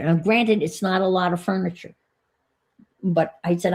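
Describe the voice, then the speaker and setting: An older woman with a low, gravelly voice talks casually to her viewers. She vents about a frustrating wait in an exasperated, storytelling way, then drifts into thinking aloud as she works on a craft. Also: a little slow, long pauses, darkish tone. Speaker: vlogger. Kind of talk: casual chat while crafting.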